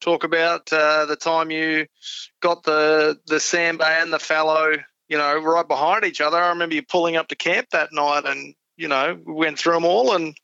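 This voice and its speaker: A man's voice: on the high side, little pitch movement, normal speed, gravelly, pushed and bright, clear, resonant tone, dry recording. A man, a podcast guest telling easygoing, self-deprecating stories in casual chat. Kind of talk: casual chat about hunting. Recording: dull lo-fi dry sound.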